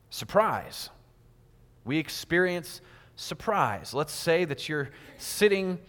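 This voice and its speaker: A man's voice: fairly high pitch, fairly bright tone. A man giving a sermon in a church, acting out little everyday scenes with quoted voices. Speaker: preacher. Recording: long hall reverb.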